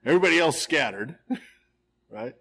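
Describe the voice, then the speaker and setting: A man, a priest, leading a live verse-by-verse Bible study in a church, reading scripture and retelling it in a casual, lively way with frequent "right?" asides. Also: fairly high pitch, moderate pace, gravelly, slightly rough, low-quality recording. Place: church hall, recorded live.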